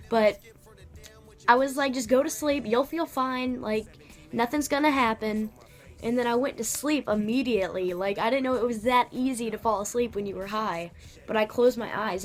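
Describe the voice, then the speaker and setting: A young woman vlogger telling a story in a chatty, slangy way with lots of fillers. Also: mid-range voice. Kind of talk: casual storytelling.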